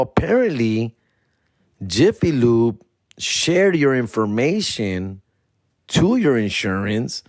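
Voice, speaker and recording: A man's voice: mid-range voice, no room sound, clean studio sound, natural voice. Blunt, slangy broker lady, scolds then explains plainly, put on by a male comedian. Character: no-nonsense married woman insurance broker.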